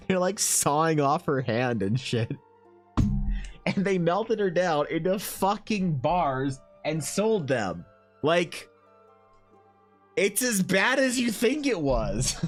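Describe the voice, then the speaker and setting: A man streaming while he draws, telling a story in a loose, animated way. He swears, laughs and restarts often. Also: medium pitch. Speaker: streamer and artist.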